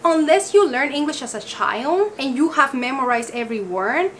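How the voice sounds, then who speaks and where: A woman vlogging to camera in casual talk, exasperated, firing rhetorical questions and sounding words out slowly to make her point. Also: sits high, lively intonation, slight background noise.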